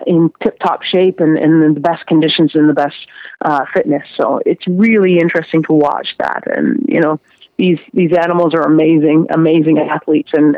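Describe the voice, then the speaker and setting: A woman's voice: low voice, dry recording, narrow, tinny audio. A woman jockey, a guest on a radio interview, talking casually with many fillers and restarts.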